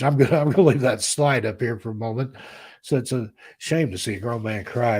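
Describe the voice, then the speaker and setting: A man in his fifties from the American South, hosting a casual live stream, chatting warmly and reading out viewers' names. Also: mid-range voice, fairly quick, husky. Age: 50s. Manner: rambling, heartfelt, reads chat names aloud. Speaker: host.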